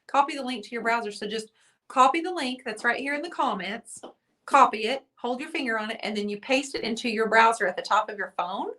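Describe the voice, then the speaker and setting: A woman's voice: fairly high pitch, a little fast, pushed and bright. A woman hosting a casual livestream, chatty and teasing as she reads viewer comments aloud. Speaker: livestream host.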